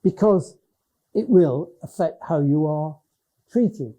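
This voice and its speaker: An older man with a Cumbrian northern English accent from the Lake District, an education professor, gives a conversational public lecture in a slow, dark voice pitched on the high side. He hesitates and restarts his sentences often, and the lo-fi recording sounds dull.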